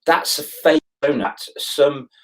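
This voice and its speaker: A man's voice: fairly high pitch, steady tone, takes it slowly, poor audio. A middle-aged man hosting a casual livestream, greeting viewers by name and ranting with annoyance. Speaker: livestream host. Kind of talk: casual live chat to viewers.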